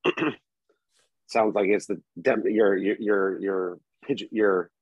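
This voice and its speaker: Husky guy cohost, lowish voice, keeps teasing his buddy, swears a ton. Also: fairly even intonation, slow, no room sound, highs cut off. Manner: teasing, incredulous, swears a lot. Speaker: podcast co-host. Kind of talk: casual crude banter.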